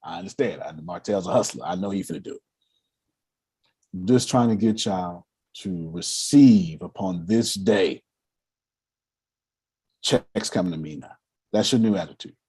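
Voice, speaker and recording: A man leading a motivational meeting on money and cash flow, animated and laughing as he acts out quotes. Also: low-pitched, normal speed, husky. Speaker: finance coach leading a meeting. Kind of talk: motivational talk.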